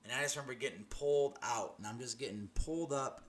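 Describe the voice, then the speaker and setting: A man's voice: mid-range voice, fast, slight background noise. Earnest young man telling his story. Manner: earnest storytelling, many restarts and "you know"s. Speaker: testimony speaker. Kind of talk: personal faith testimony.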